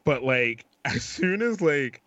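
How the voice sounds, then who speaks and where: A man co-hosting a podcast, telling stories in casual chat with halting restarts. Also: medium pitch, very animated, a bit bright, no echo, highs cut off. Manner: halting, many restarts, laughs through stories. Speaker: podcast co-host.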